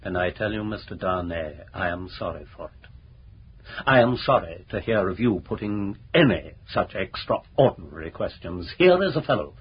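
An actor playing a pompous, blustering lawyer in a radio drama, scornful and overbearing. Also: male voice, low-pitched, lively intonation, moderate pace, breathy edge, exaggerated voice. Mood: indignant. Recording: muffled old radio broadcast with faint noise.

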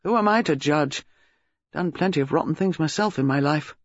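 A man playing a charming, outspoken, rather boastful gentleman with a dry, blunt way of talking. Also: on the high side, moderate pace, dry recording, natural voice. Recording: dull lo-fi recording.

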